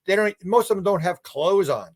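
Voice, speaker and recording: A man with a fairly high voice, talking on a podcast. He tells his stories in a loose, rambling way, repeats words as he goes and slips into the voices of the people he quotes. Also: expressive, normal speed, no echo, studio quality. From Canada. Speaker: podcast guest, researcher. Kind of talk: casual conversational storytelling.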